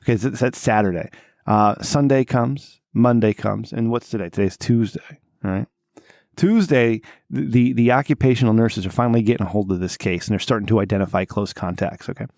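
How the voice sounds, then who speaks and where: Man, podcast co-host, gravelly voice, dry close mic, casual swearing storyteller. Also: fairly quick, no room sound. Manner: animated, profane, voice jumps high when exasperated.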